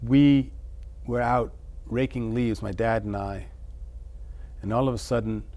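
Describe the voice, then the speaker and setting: A middle-aged man, an interview guest, musing over childhood memories in a halting way, with many restarts. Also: medium pitch, fairly even intonation, warm tone. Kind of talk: reflective personal storytelling.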